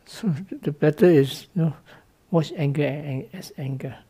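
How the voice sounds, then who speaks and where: Warm and husky, a little high, and at a moderate pace, the voice is that of a Buddhist monk giving a dharma talk. He uses relaxed, non-native English, checks comprehension with frequent "no?" tags, and lets out small laughs as he teaches.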